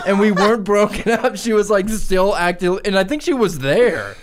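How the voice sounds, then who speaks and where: A man with a somewhat high, lively voice rambling through a story. He giggles as he goes, in relaxed comedic podcast banter. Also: moderate pace, a crowd in the background. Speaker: podcast co-host.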